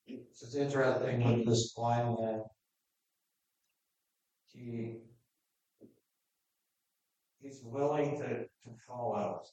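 A man's voice: mid-range voice, steady tone, very slow, long pauses, mellow. A man preaching a verse-by-verse sermon, reading scripture aloud and then explaining it in a plain, conversational way. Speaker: pastor. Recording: echoey room, voice from a distance.

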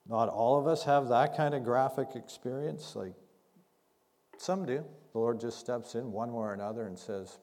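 A man preaching a sermon as pastor, conversational and unhurried, acting out scripture dialogue as he teaches. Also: medium pitch, darkish tone. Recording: long hall reverb.

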